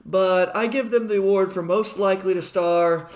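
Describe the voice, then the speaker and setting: A man's voice: sits high, fairly even intonation, normal speed. A man co-hosting a podcast in casual chat, telling stories and laughing as he talks. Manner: storytelling, laughs while talking. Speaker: podcast co-host.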